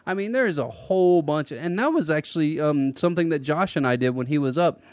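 A man hosting a casual political podcast, talking in an animated, rambling way with many restarts. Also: a little high, quick pace, no room sound. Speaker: podcast host.

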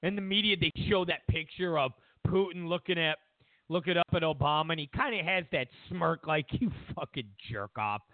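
A man's voice: on the high side, fairly even intonation, a little fast, no room sound. Sarcastic man ranting on a tinny line. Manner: sarcastic, mocking, acts out voices of others. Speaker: talk show host. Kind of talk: ranting political commentary. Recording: dry, phone-like lo-fi sound.

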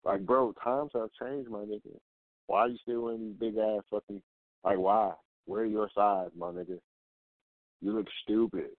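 With a fairly low, steady voice at normal speed, this rant-show host is blunt, profane and repetitive, pounding every point with rhetorical questions in a casual rant. The dry recording has a tinny, phone-like quality.

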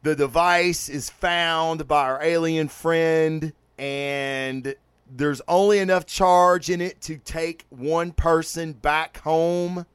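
A man's voice: fairly high pitch, fairly even intonation, takes it slowly, smooth, no room sound. A male podcast host giving comic reviews and sign-off plugs in a loose, swearing, rambling way. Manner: profane, rambling and hyped.

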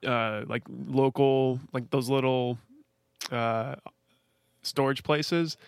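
A man hosting a casual podcast chat, talking excitably, swearing freely and firing off questions. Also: mid-range voice, takes it slowly, creaky, clean tone, no echo, studio quality. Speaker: podcast host.

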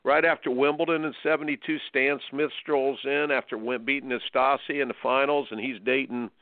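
A man in his seventies from Indiana, hosting a radio tennis show and telling stories with bursts of excited exclamations. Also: medium pitch, normal speed, no echo. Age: 70s. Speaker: tennis coach and host. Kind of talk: radio show interview, storytelling. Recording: tinny dry phone line.

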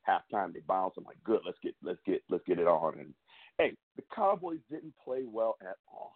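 A young man hosting his own sports show, venting in a fired-up, repetitive way with big jumps in pitch. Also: big pitch swings, moderate pace, breathy edge. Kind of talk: fan rant and commentary. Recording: tinny phone-like audio.

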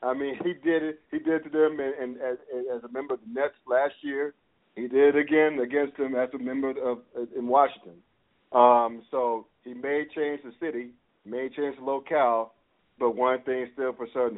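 A man's voice: mid-range voice, moderate pace. A man hosting a casual sports chat, rambling and repeating himself as he builds his point. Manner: rambling, repeats words and restarts, excitable. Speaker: podcast host. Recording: tinny phone-like audio.

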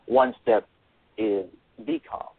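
Man w/ a lowish voice, earnest guest, talking thru a tinny phone line, dry. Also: huge pitch swings, takes it slowly, creaky, dry recording. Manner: earnest, repeats words and phrases. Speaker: author and guest. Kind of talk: radio interview.

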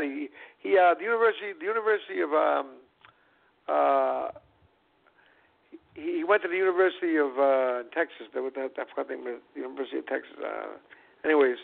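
A man's voice: a little high, gravelly. A man, a former boxer, telling his life story as a guest on a call-in talk show, rambling and repeating words, acting out the dialogue. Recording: phone-line audio.

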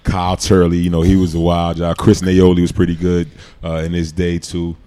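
A man, telling stories as a guest in a casual interview, animated and laughing often. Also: low-pitched, brisk. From New York City. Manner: animated storyteller, laughs often, acts out quotes. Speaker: podcast guest, former football player.

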